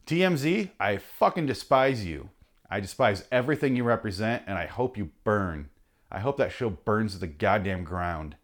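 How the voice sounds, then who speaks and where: A man hosting a podcast, delivering an angry, sarcastic, profanity-filled comic rant and now and then mocking people in put-on voices. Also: lowish voice. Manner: angry, sarcastic, heavy swearing. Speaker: podcast host reading his rants.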